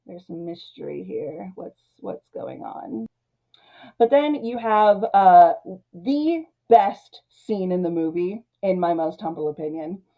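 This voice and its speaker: Woman movie-review host, mid pitch, casual and chatty with frequent laughs, slightly muffled sound. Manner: chatty, laughs often, many "like" and "you know".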